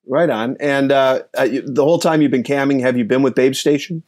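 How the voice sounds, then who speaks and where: A man's voice: medium pitch, a little fast, darkish tone. A man hosting a podcast, asking loose, rambling questions and joking at his own expense. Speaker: podcast host. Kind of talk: casual podcast chat.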